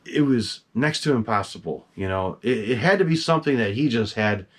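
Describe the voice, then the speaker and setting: A middle-aged man, a collector, telling a long story about his masks in casual, excitable talk. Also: on the low side, fairly quick. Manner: animated, excitable, swears casually.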